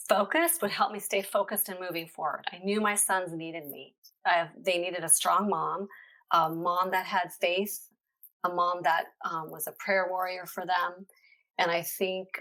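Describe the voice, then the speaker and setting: An earnest middle-aged woman with a fairly low voice tells her story as a podcast guest. She speaks heartfelt and unpolished, pausing often to find her words. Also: fairly bright tone. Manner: earnest, heartfelt, many hesitations. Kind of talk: conversational faith testimony.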